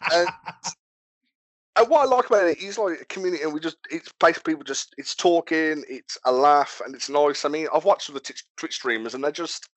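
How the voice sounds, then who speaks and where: Chatty man, slightly high voice. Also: dry recording, poor audio. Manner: chatty, halting restarts, laughs often. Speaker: podcast guest, viewer of the stream. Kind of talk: casual podcast chat.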